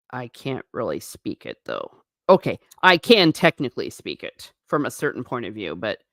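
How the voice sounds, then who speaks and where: A woman with a fairly low, slightly bright voice hosts her own channel, musing alone in her living room. Her casual solo talk is chatty and rambling with sarcastic asides, recorded dry and at studio quality.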